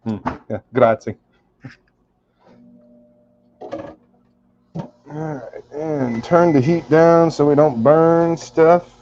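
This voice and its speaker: A man's voice: fairly high pitch, fairly even intonation, slow, dark tone. Man, casual joker, chatting to his viewers while cooking at home; slightly muffled, lo-fi sound with faint background noise. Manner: joking, wry, swears casually. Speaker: cooking streamer. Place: home kitchen.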